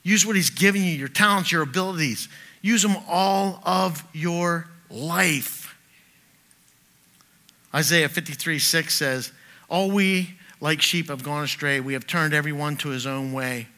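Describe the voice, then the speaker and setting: Bright-voiced man preaching with stories. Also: on the high side, measured pace. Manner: animated storyteller, swings from loud bursts to quiet asides. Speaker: pastor. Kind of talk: sermon with personal anecdotes.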